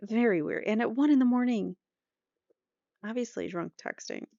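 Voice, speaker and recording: A woman's voice: a little high, moderate pace, creaky, dark tone, dry recording, lo-fi sound. A woman hosting a true crime podcast, giving incredulous, dry commentary. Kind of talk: casual commentary.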